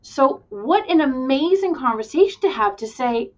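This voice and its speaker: A woman's voice: high voice, normal speed. A woman guest, an early-childhood educator, talking casually and animatedly about classroom stories. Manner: animated, acts out quotes while telling classroom stories. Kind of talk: casual conversation. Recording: dull lo-fi remote audio.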